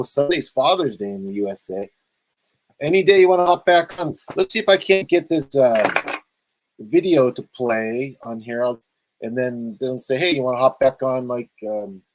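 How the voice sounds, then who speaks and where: A talk show host from Los Angeles chats loosely over a video call for his own show, rambling and laughing easily. His mid-range voice moves at a moderate pace, with no echo but poor audio quality.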